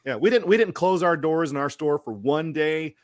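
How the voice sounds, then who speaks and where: A middle-aged man hosting a casual chat, an excitable storyteller who acts out quotes loudly. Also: fairly high pitch, normal speed, no room sound. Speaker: show host.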